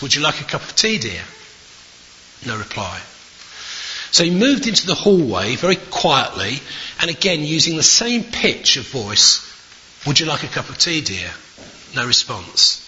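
Bright-voiced male preacher, lively pitch. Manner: expressive, drawn-out emphasis on key words. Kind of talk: sermon. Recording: dull lo-fi sound.

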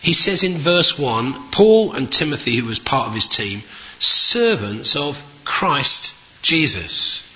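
Bright-voiced male preacher, lively pitch. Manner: expressive, drawn-out emphasis on key words. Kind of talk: sermon. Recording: dull lo-fi sound.

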